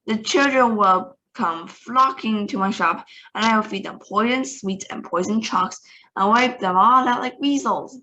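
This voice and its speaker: A silly, overexcited witch who leaps up and shouts her wicked plans with glee, voiced by a woman reading a storybook. The delivery is loud and gleeful. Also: medium pitch, a little slow, dull audio. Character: foolish overexcited female witch.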